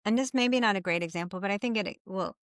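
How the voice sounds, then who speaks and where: A middle-aged woman hosting a casual podcast, telling a story with animated energy and acting out her own past frustration. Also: mid-range voice, racing, clean tone, no echo, clean studio sound. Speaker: podcast host, health coach.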